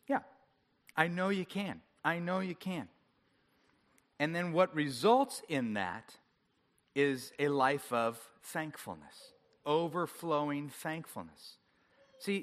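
A man preaching a sermon to a congregation, animated and self-deprecating, getting the audience to join in. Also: a little high. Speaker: pastor. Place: large church hall. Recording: long hall reverb.

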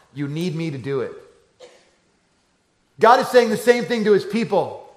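Animated storytelling pastor in an echoey room. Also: male voice, moderate pace, pauses often. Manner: storytelling, swings from low hushed lines to loud animated ones. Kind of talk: sermon.

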